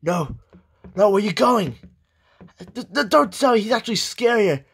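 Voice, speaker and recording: Wrestling caller with a very high male voice, excitable, shouts and swears. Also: normal speed, gravelly, pauses often, slightly rough. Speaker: wrestling commentator. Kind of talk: excited play-by-play commentary.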